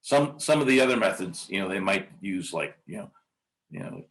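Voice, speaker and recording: A man's voice: sits low, lively intonation, moderate pace, fairly bright tone. A male music teacher leading a workshop, chanting rhythm syllables and counting beats aloud, with frequent ums and uhs. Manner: hesitant, many ums and uhs. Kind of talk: conference workshop demonstration.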